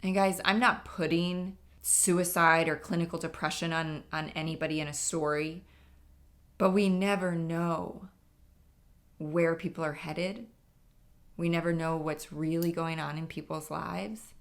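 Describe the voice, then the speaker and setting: A middle-aged woman talks through her own podcast in an earnest, emphatic way, often turning to her listeners directly. Her voice sits low, with a gravelly fry running through it. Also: steady tone, measured pace. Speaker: podcast host. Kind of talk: impromptu solo podcast talk.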